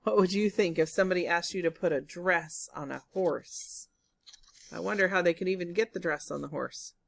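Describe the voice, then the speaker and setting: A woman reading a picture book aloud to children, pausing to ask them questions. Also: lowish voice, gravelly. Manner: asks the listening children questions. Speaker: storybook reader. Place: home, during lockdown.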